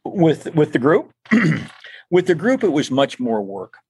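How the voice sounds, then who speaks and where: In his casual storytelling as an interview guest, an older man wanders along, often restarting and repeating himself. His voice is on the high side yet dark and husky, swinging hugely in pitch while keeping a measured pace.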